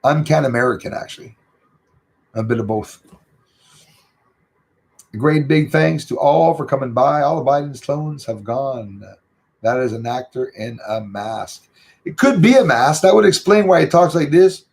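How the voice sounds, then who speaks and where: A man's voice: mid-range voice, animated, moderate pace, long pauses, darkish tone, husky. A middle-aged man, chatting casually and rambling with lots of fillers as host of his livestream. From Canada. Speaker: channel host reading live chat.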